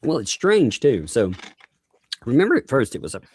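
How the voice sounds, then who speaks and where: A man's voice: medium pitch, huge pitch swings, normal speed, darkish tone, breathy edge. A man hosting a casual livestream chat, rambling with restarts and frequent laughs. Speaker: host.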